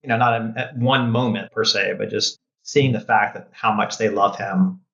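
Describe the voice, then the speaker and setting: A middle-aged man guest reflecting on fatherhood in a halting, thoughtful way. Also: on the low side, fairly even intonation, gravelly, fairly bright tone. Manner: reflective, halting, often restarting. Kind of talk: reflective conversational talk. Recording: roomy, dull-sounding audio.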